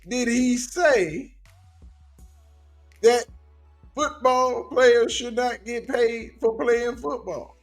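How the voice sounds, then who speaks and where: A man's voice: very high voice, steady tone, extremely slow, long pauses, faint music behind. A man hosting a reaction commentary video, pressing again and again with incredulous rhetorical questions.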